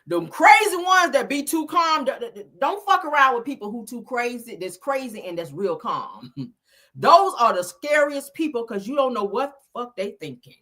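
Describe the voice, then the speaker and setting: Woman doing celeb gossip, bright forceful voice, swoops all over, cusses a lot. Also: on the high side, big pitch swings, moderate pace. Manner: brash, profane, laughs often. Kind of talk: casual commentary.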